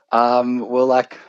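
A man's voice: mid-range voice, clean tone, dry recording, lo-fi sound. A man, a podcast guest, telling a story in casual chat and laughing at himself as he goes. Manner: laughs through his own stories, self-mocking.

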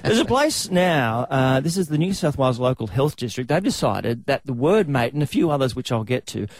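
Man, Australian accent, radio host, gravelly, dry close mic, asks questions. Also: medium pitch, very animated, brisk, no room sound. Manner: chatty, laughing, asks co-hosts questions. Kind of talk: radio banter.

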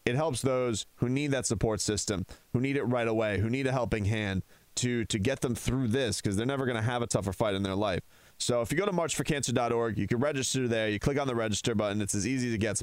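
A man's voice: medium pitch, fairly quick, dry recording. Fired-up male sports radio host. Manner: heated, sarcastic ranting. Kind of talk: sports talk radio rant. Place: radio studio.

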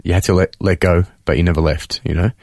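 A man speaking earnestly in a radio studio interview, halting with fillers as he gives a heartfelt testimony and reads a letter to his mother. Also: deep voice, fairly even intonation, a little mellow, no room sound. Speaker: interview guest, son of the guest. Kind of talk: emotional testimony, reading a letter aloud.

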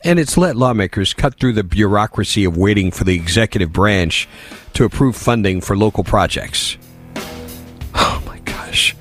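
A man's voice: fairly low pitch, lively intonation, normal speed, soft background music. A man hosting a talk radio show, reading listener texts aloud and answering them with sardonic, exasperated commentary.

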